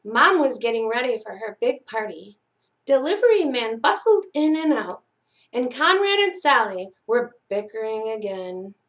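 A woman reading a children's picture book aloud at library storytime, expressive and dropping softer for suspense. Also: a little high, moderate pace. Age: adult.

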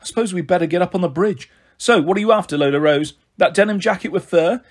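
A man voicing a breezy, impatient young mother who scolds briskly in a storybook reading. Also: high voice. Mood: vague.

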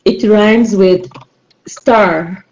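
Slow-spoken woman with a Brazilian accent. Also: mid-range voice, darkish tone, muffled recording. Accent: Brazilian Portuguese. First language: Portuguese. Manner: slow, patient, encouraging. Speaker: online class teacher. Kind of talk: running a rhyming word game.

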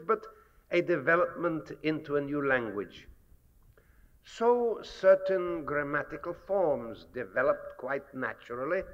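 Man, scholarly lecture, measured with fillers, dull archival recording, long hall reverb. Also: a little high. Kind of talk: public lecture.

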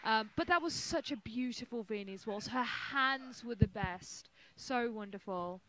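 A woman's voice: a little high, lively intonation, a little slow, fairly bright tone, low-quality recording. A woman giving gushing, emphatic backstage commentary on a dance show, often talking over her co-host.

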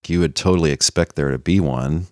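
A man hosting a casual podcast talk about theology, explaining his reasoning in a wry, measured way. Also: rumbling low, darkish tone, no echo, studio quality. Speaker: podcast host.

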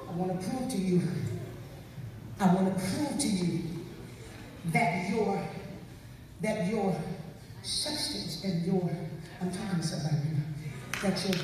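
A woman preacher, giving a sermon that swings from quiet storytelling to shouted calls, repeating her words and calling out to the congregation. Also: mid-range voice, noisy background. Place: large church hall. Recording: echoey hall, mic heard from far off.

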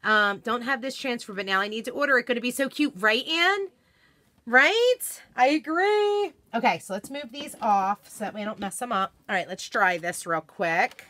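A woman's voice: medium pitch, lively intonation, a little fast, few pauses, sharp tone, no room sound. A woman hosting a live craft demonstration from home, chatting with viewers and reading their comments aloud. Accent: American. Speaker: craft livestream host.

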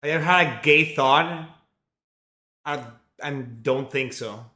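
A young Mexican man livestreams while cooking, chatting casually in a rambling, profane way packed with fillers. His voice is on the high side, bright and forceful, and he takes it slowly. The recording has a roomy home echo.

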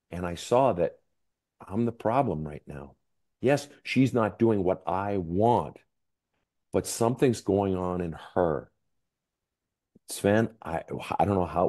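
A man's voice: deep voice, darkish tone, slightly rough. A man, a counselor and author, speaking candidly as a podcast guest, emphatic and profane, his voice climbing when he gets worked up. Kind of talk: candid interview storytelling.

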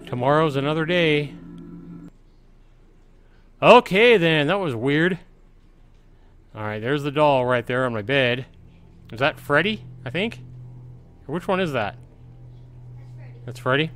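A man's voice: mid-range voice, expressive, measured pace, long pauses, a bit bright, a little hiss or hum. A middle-aged man giving casual let's-play commentary at home, chatty and reading game prompts aloud. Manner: chatty, reads on-screen game text aloud. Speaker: gaming channel host.

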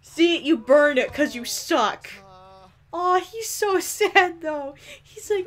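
Her voice sits high and is expressive, slow and fairly bright. As a let's play host, she gives giggly, playful commentary, teasing the on-screen characters and talking right to them.

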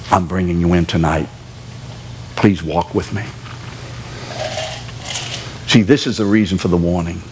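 A man preaching a sermon in a church, animated, acting out quoted voices and sometimes shouting. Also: deep voice, slight background noise. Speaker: pastor. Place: church sanctuary.

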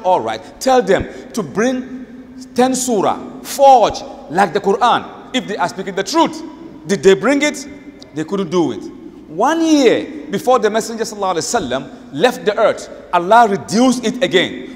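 A male preacher giving an emphatic sermon, repeating key phrases and reciting verses rapidly. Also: high voice, big pitch swings. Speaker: Islamic preacher. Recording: echoey hall.

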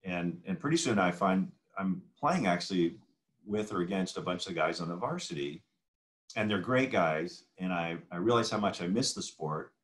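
A man in his sixties, a guest in a casual interview, telling animated stories and acting out the dialogue. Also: low voice, normal speed. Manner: animated anecdotal storyteller who acts out quoted dialogue.

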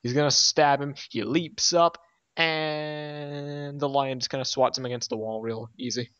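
A man's voice: a little high, fairly even intonation, unhurried, fairly bright tone, smooth, no room sound. A man recapping a cartoon episode in casual chat, rambling, laughing often and quoting the characters in jokey voices. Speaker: show co-host. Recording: dry, dull lo-fi mic.

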